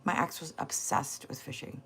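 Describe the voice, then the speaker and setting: A woman's voice: moderate pace, a bit bright, slight background noise. A woman hosting a casual livestream, sassy and blunt, teasing her chat and swearing freely. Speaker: livestream host.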